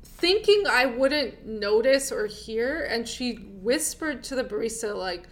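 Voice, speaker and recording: A woman hosting a casual podcast, telling an anecdote in a relaxed, wry way with casual swearing. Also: a little high, measured pace, a little hiss or hum, rough recording. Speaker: podcast host. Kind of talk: casual chat.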